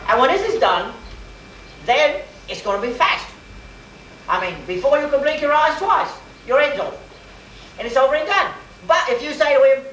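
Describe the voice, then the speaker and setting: A man's voice: extremely high pitch, expressive, moderate pace, a bit bright. A man in costume telling first-person medieval tales in folksy, rustic grammar, talking straight to his listeners and asking them questions. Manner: folksy, rambling, speaks in old-timey rustic grammar. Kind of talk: first-person historical role-play for an audience. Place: school event crowd area. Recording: echoey camcorder sound from far off with faint noise.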